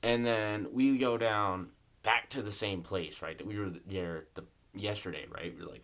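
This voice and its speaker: A man's voice: on the low side, normal speed, a bit bright. A young man in a casual, rambling storytime vlog, full of profanity and constant "like" and "bro", recorded in his bedroom at home. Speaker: storytelling vlogger.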